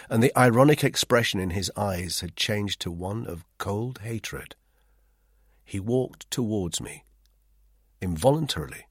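A man narrating a first-person novel in a tense, lively way, recorded in a dry studio. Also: fairly low pitch, breathy edge, dry recording. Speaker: audiobook narrator.

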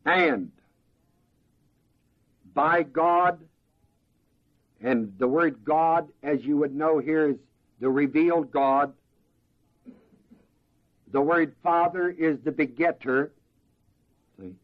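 A man preaching a slow, deliberate verse-by-verse sermon as pastor, pausing to ask the congregation to fill in words. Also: a little high, narrow, tinny audio.

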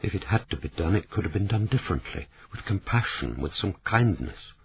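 A man voicing a middle-aged woman publisher, distraught and pleading, in a soft voice. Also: sits low, expressive, a little fast, narrow, tinny audio, slight background noise. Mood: sorrowful.

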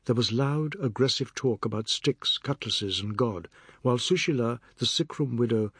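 A man narrates a novel for an audiobook, his scripted delivery calm and steady. The voice is husky and medium-pitched, recorded dry with clean studio sound.

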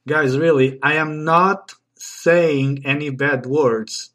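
A man's voice: fairly high pitch, steady tone, takes it slowly, a bit bright. Playful man with a Portuguese accent. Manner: playful, mock-exasperated, self-deprecating. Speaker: podcast host. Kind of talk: comic monologue podcast.

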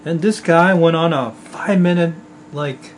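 A man's voice: fairly high pitch, moderate pace, slight background noise. A man hosting a casual chat, asking questions and sharing his own story. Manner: probing questions, soft back-channel hums. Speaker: host.

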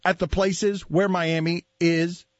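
A man hosting a sports talk radio show, talking in an animated way with laughs and mock outrage. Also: high-pitched, slow, no echo, dull audio. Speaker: host.

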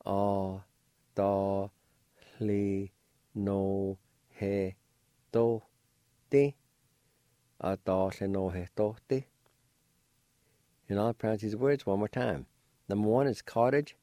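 Slow, patient older man teaching. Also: on the low side, dark tone, no echo, studio quality. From Cherokee Nation, Oklahoma. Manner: patient, deliberate, repeats each word. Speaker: language teacher. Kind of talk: slow vocabulary lesson, spelling out syllables.

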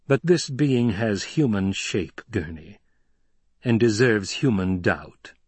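A man voicing a cold, resolute young male duke in a measured, firm voice, husky in tone. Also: on the low side, expressive, no room sound, full character voice. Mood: cold resolve.

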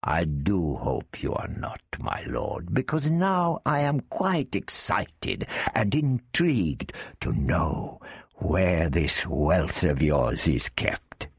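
A man voicing a cunning, polite captor who speaks in a slow, silky, threatening way. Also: low-pitched, sing-song, breathy edge, no echo, studio quality, full character voice. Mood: menacing.

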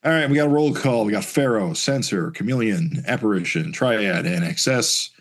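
Low-voiced man reading a comic aloud. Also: expressive. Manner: halting, with frequent fillers and restarts. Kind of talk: casual chat, reading comic narration aloud.

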